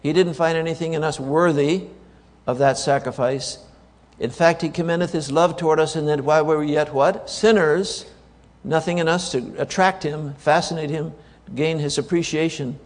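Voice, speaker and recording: A man delivers a sermon with emphatic force, often repeating his key words and asking the congregation rhetorical questions. His voice sits a little high for a man. The sound rings with the long reverb of a large hall. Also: steady tone, normal speed. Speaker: preacher.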